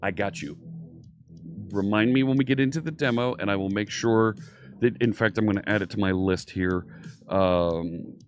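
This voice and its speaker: Faint synthwave music hums in the background of this home-studio clip, along with slight background noise. The speaker is a Philadelphia man, lightly accented, with a lowish voice at normal speed. He greets chat viewers by name while teaching programming in an upbeat, casual live stream.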